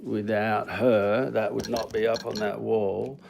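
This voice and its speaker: A man's voice: fairly low pitch, little pitch movement, slow, creaky, background noise. A man hosting a casual live stream, rambling and playful, often breaking off mid-sentence. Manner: rambling, self-interrupting, playful. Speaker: livestream host.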